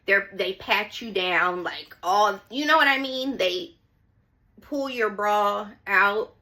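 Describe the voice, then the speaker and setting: A woman's voice: mid-range voice, animated, slow pace, pushed and bright. A young woman telling a personal story to her viewers in a chatty, dramatic way, often repeating phrases and calling them y'all. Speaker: storytime vlogger.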